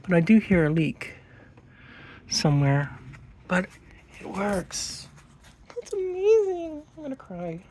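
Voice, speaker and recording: A woman narrates her own car work in a garage, talking to herself in a relaxed, unhurried way with plenty of swearing. Her voice sits low and dark. A faint hum of noise runs behind her. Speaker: car vlogger. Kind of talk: casual self-narration while working. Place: garage, indoors.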